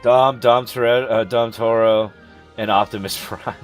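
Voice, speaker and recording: A man's voice: medium pitch, fairly even intonation, normal speed, soft background music. A man streaming a game, chatting casually and ranting with opinionated, profane takes. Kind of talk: casual live-stream chat.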